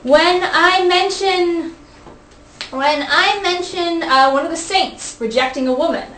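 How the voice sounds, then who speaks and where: A woman's voice: extremely high pitch, slow pace, fairly bright tone. A young woman hosting a casual study group, playful as she reads aloud from a book and stumbles over words. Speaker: host. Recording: echoey room, faint background hiss.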